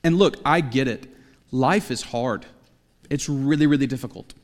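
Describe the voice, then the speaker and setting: A man's voice: medium pitch, normal speed, in a large hall. A man preaching a sermon in a conversational way, with jokey asides. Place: church sanctuary.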